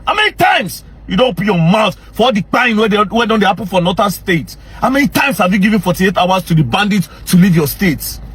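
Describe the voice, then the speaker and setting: A young man with a Nigerian Pidgin English accent, ranting angrily and confrontationally straight to camera as a social media commentator, often breaking into shouts. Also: sits high, fast talker, hardly any pauses, slightly rough. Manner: angry, confrontational, repeatedly shouting. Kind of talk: heated direct-to-camera rant.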